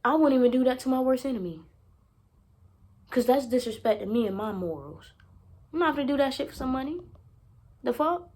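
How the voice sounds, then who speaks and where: Young woman vlogging, kinda high voice, cusses a lot, says stuff twice to drive it home. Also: expressive, brisk, long pauses, dark tone, husky. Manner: blunt and profane, swears freely; emphatic, repeats herself for effect. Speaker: self-help vlogger. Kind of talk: casual monologue to camera.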